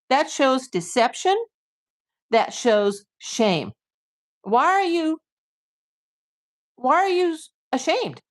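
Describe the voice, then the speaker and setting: A woman from the USA hosts a live stream as a private investigator, talking straight to her viewers. Her voice sits a little high. She talks emphatically and indignantly, piling up rhetorical questions. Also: big pitch swings, takes it slowly, long pauses.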